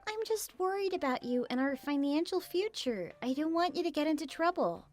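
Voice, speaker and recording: High, lively synthetic woman's voice. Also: brisk, faint music behind. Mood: worried. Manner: worried and pleading. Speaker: wife and story narrator. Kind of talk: text-to-speech story voice.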